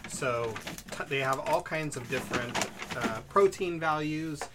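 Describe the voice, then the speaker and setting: A man's voice: a little high, a little slow, very noisy. A man co-hosting a casual chat show, explaining things in a rambling, easygoing way. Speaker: co-host.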